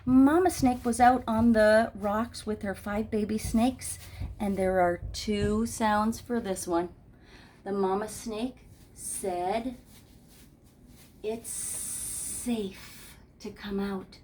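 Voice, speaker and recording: A woman's voice: medium pitch, fairly even intonation, slow pace, a little mellow, a little hiss or hum. A woman teaching preschool phonics, telling little stories and making playful sounds and voices for each letter. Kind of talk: storytelling phonics lesson for young children. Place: classroom.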